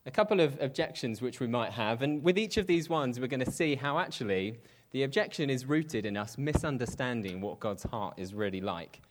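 A man's voice: medium pitch, expressive, a little fast, a little hiss or hum. A man preaching a sermon in a conversational way, with self-deprecating asides and quoted voices acted out at shifting pace.

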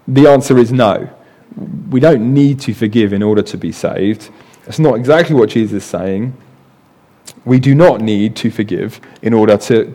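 A man's voice: fairly low pitch, darkish tone. Man preaching a conversational sermon. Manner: conversational, frequent "right" and repeated words.

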